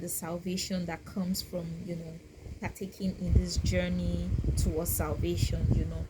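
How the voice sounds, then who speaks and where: A woman speaks slowly and softly in a lowish voice, pausing often and circling back on her words as she reflects aloud for her viewers. Faint ambient noise sits under her casual vlog talk. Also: low-quality recording. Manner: slow, soft-spoken, thoughtful, with many pauses and restarts. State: getting teary and emotional. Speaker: vlogger.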